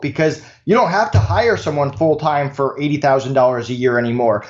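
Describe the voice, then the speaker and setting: A man answering interview questions as a company founder, talking fluently and backing his points with numbers. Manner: fluent, pitching with figures. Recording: echoey, dull room mic.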